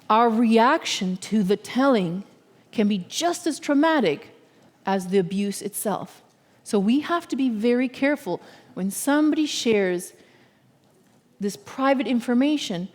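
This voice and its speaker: A woman's voice: fairly high pitch, darkish tone. Earnest woman preaching in a reverberant hall. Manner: earnest, measured, often checks in with listeners. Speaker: guest speaker. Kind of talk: sermon. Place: church sanctuary.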